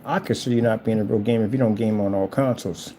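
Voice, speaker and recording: A man's voice: lowish voice, steady tone, quick pace, dark tone, a little hiss or hum. A man hosting his own channel, talking casually and teasingly in a rambling, repetitive way while he paints at home. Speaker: channel host. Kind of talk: casual trash-talking monologue.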